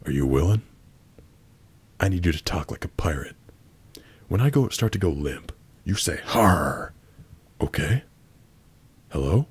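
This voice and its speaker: Brief: man, extremely low and raspy voice, blunt, crude prank-chat delivery. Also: big pitch swings, moderate pace, pauses often, a little mellow, dry recording. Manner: blunt, crude and abrasive, with sudden outbursts. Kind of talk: crude prank role-play reading a chat aloud.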